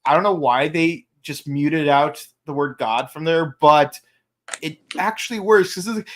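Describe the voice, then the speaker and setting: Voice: mid-range voice, lively intonation, measured pace. A co-host of a live fan review show, talking casually and rambling, with many restarts. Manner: rambling, full of restarts and sung quotes.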